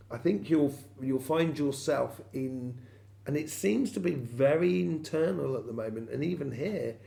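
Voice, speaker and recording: A man with a very gravelly, creaky voice talks through a tarot reading for his viewers. He rambles, hesitates and circles back with plenty of ums and you-knows. His pitch sits in an ordinary middle range. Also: dark tone. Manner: rambling, many fillers and restarts. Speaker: tarot reader.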